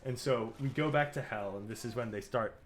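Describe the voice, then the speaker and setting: Medium in pitch and slightly fast, with a bit of hiss or hum on the recording, this podcast co-host tells a story on a casual game podcast. He's animated and energetic, curses without restraint, and performs the scenes as he goes.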